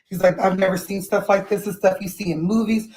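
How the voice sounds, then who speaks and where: Hosting a casual gossip livestream, a woman chats and reads posts and text messages aloud from her phone or webcam. Her medium-pitched, darkish voice is a little fast with fairly even intonation, in a low-quality recording with slight background noise.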